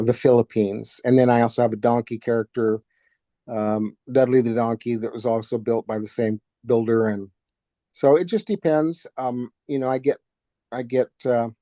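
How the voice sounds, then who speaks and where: A man's voice: mid-range voice, warm tone, dry recording. A man, a ventriloquist and puppet builder, answering interview questions in a rambling, hesitant way with plenty of fillers.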